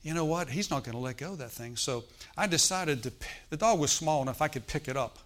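A middle-aged man preaching a sermon, telling stories and acting out the voices of the people in them, swinging from hushed to loud. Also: on the high side, expressive, fast. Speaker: pastor. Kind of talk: sermon storytelling.

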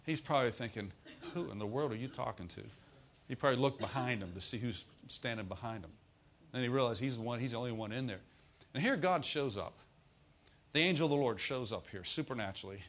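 A man's voice: mid-range voice, brisk, fairly bright tone, a little hiss or hum. A male preacher with a drawl delivers a sermon in a folksy, joking manner. He tells the story with plenty of asides to the congregation.

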